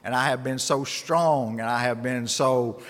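A man's voice: medium pitch, measured pace, a bit bright. A man preaching a sermon as a pastor, earnest and rising to emphatic bursts. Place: church sanctuary. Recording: long hall reverb.

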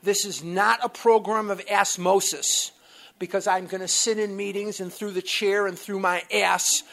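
An animated American speaker tells personal stories to a recovery workshop group in a meeting room, blunt and lively with mild swearing and offhand asides. Their ordinary mid-pitched voice is creaky and moves at a moderate pace.

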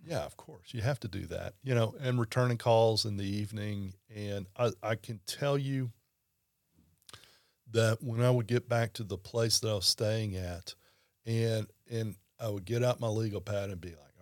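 A man hosting a casual podcast chat, telling rambling stories with lively asides. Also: lowish voice, moderate pace, no echo, studio quality. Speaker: podcast host.

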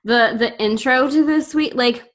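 A woman's voice: high voice, unhurried, a bit bright. A woman co-hosting a podcast in casual chat, enthusiastic and chatty, often restarting her sentences. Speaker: podcast co-host.

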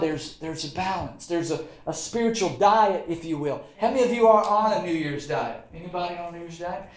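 Casual pastor guy preaching, high-pitched, joking around, echoey church. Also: darkish tone. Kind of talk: sermon. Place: church sanctuary.

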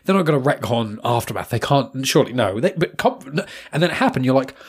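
A man's voice: mid-range voice, big pitch swings, fast, breathy edge. A man in casual fan chat, rambling and enthusiastic, often acting out what he thought. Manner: rambling, quoting himself, enthusiastic.

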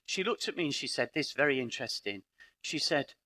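A man's voice: medium pitch, lively intonation, brisk, pushed and bright. A middle-aged British man speaking at a live conference in a parish hall, telling stories with dry humour and acting out the dialogue. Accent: British English. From Britain. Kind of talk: lively live conference talk.

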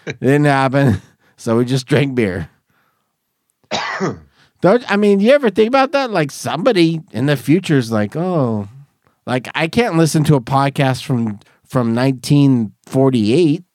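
A man's voice: mid-range voice, lively intonation, a little slow, darkish tone, no echo. A man hosting a podcast from a garage studio, rambling and laughing through tipsy banter. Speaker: podcast host. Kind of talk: casual chat.

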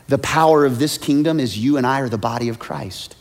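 A man preaching a sermon as a pastor, swinging between hushed, almost whispered asides and loud, high-pitched shouts. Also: fairly quick, gravelly, few pauses. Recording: long hall reverb.

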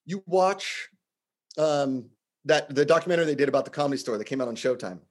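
A man telling stories in casual podcast chat, animated, acting out quotes in shifting voices. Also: on the high side, brisk.

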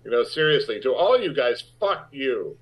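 A man telling an animated, profane story as an interview guest, acting out the lines of other people. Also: mid-range voice, normal speed. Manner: animated, profane anecdote-telling with acted-out quotes. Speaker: actor guest. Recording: dull lo-fi sound.

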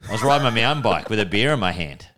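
A man's voice: lowish voice, expressive, rapid-fire, fairly bright tone. A young Australian man co-hosting a casual comedy podcast in a laid-back, chatty way, swearing freely. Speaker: podcast co-host.

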